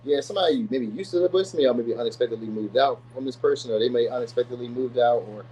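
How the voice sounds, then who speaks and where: A man reads tarot cards for his viewers in a loose, slangy ramble. He talks quickly, restarts his sentences and fills the gaps with fillers. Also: mid-range voice, warm tone, a little hiss or hum, poor audio. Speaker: tarot reader. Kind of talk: casual tarot reading to viewers.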